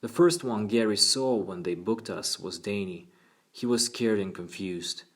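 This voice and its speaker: A man's voice: fairly low pitch, expressive, unhurried. A man voicing a friendly, talkative eighteen-year-old in an audiobook reading. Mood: casual.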